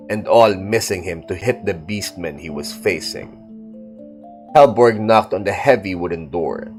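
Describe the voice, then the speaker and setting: Deep-voiced man reading fantasy. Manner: steady dramatic storytelling. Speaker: narrator. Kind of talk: audiobook reading of fantasy fiction.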